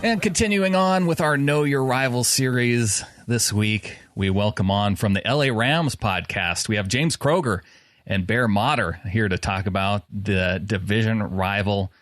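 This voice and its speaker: A man's voice: on the low side, measured pace, a bit bright, no room sound. A man hosting a casual sports podcast, stumbling through frequent restarts with a self-deprecating tone. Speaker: podcast host.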